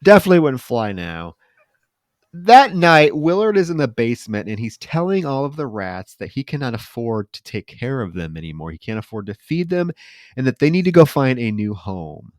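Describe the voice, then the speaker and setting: A man co-hosting a podcast, retelling movie scenes in an animated, casual way and swearing freely. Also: medium pitch, normal speed, no echo, studio quality. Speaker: podcast co-host.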